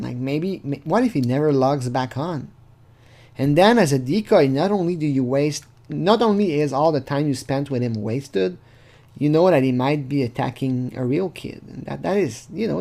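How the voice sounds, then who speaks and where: A man's voice: fairly high pitch, gravelly, darkish tone. A man hosts a casual commentary, talking through a text in a rambling, hesitant way. He swears freely and fills gaps with "uh" and "like". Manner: rambling, profane, hesitant with fillers. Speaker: channel host.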